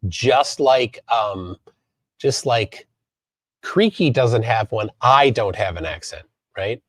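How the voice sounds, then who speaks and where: A man from Minnesota hosting a live stream, reading chat aloud and commenting in a halting way with many fillers. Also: on the low side, expressive, slightly rough, dry recording. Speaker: livestream host.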